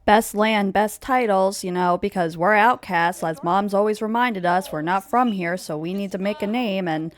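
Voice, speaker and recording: A woman's voice: medium pitch, moderate pace, hardly any pauses, close to an everyday voice. A flippant young noble brother who teases his sister, as a woman narrator puts him on. His tone is breezy and careless. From a life-sim story. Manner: flippant, teasing.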